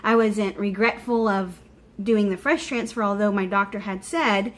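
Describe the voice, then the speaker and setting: A woman recording a personal video diary update, talking openly and warmly straight to her viewers in a chatty, heartfelt way. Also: mid-range voice, normal speed. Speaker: vlogger.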